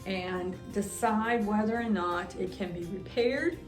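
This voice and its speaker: A woman vlogger telling a story to the camera in a casual, animated way, often repeating herself. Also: mid-range voice, measured pace, reverberant, soft background music. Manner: animated, repetitive retelling. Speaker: van-living vlogger.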